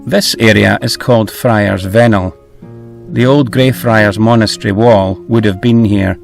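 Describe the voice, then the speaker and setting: A man's voice: fairly low pitch, fairly even intonation, measured pace, vocal fry. A middle-aged man hosting a travel vlog, easygoing and a little hesitant, over faint music. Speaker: vlog host.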